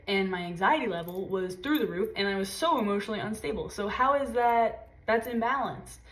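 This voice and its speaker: A woman giving a casual tarot reading, talking intensely and swearing freely. She drops to low murmurs and jumps to high exclaims as she gives a spiritual pep talk. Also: expressive, fairly quick. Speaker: tarot reader.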